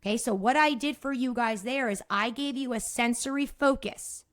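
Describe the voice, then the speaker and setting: A middle-aged woman hosts her own podcast and explains movement therapy in an energetic, casual monologue. She swears freely and laughs at her own slips. Her voice sits a little high and sounds close and dry. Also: moderate pace, no room sound.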